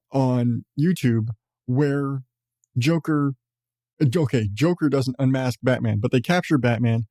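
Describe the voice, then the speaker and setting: A man's voice: mid-range voice, mellow, no echo, clean studio sound. A man hosting a podcast, talking in a rambling, casual way with frequent swearing and chuckles. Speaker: podcast host. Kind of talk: casual chat.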